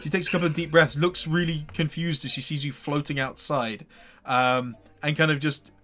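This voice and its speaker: A man's voice: a little high, fairly even intonation, normal speed, a bit bright. A man narrating as game master of a tabletop game, with hesitant phrasing and lots of fillers. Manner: hesitant, full of fillers like "sort of".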